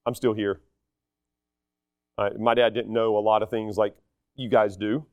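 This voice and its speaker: A man preaching a sermon, telling stories in an animated, self-deprecating way. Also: lowish voice, unhurried, clear, resonant tone, no echo, studio quality.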